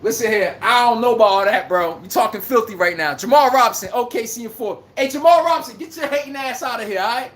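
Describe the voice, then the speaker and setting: A woman's voice: a little high, quick pace, few pauses, reverberant. A woman hosting a casual sports livestream, ranting, trash-talking and reading out chat comments. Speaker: livestream host.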